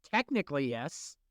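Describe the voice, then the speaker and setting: A man around forty chats casually as a podcast co-host, telling lively stories and laughing along. His voice is fairly high and smooth. The sound is close and dry. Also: dry recording. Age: late 30s to early 40s. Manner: animated storytelling with laughs. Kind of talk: casual chat.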